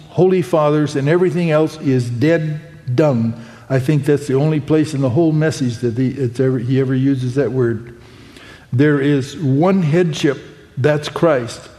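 Preacher guy reading out a printed message and jumping in with his own comments, voice a bit high but warm, big echo in a church hall. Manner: reads quoted passages aloud and breaks in with exclamations like "oh my". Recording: long hall reverb.

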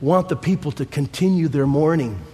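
A man preaching a sermon, swinging between quiet low passages and fervent shouting. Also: moderate pace. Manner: shouting, rising fervor with quiet low stretches. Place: church sanctuary. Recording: long hall reverb, faint congregation.

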